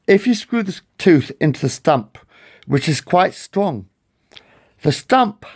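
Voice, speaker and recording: A man's voice: on the high side, gravelly. Angry swearing man ranting. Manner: angry, profane and rambling. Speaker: vlogger. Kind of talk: ranting monologue to camera.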